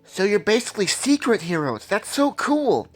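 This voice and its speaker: A man doing an eager squeaky young boy. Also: very animated, normal speed, faint music behind. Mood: excited. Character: eager excitable young boy hero fan.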